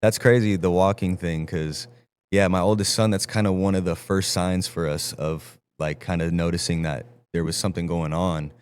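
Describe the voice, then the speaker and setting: A man's voice: low-pitched, steady tone, normal speed, clean tone. A man hosting a podcast, speaking in a laid-back, agreeable way and swearing casually. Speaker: podcast host, father. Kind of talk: casual conversation.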